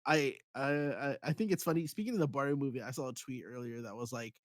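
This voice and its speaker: A man co-hosting a podcast in casual chat, joking and dropping into quick impressions. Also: medium pitch, no echo, studio quality. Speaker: podcast co-host.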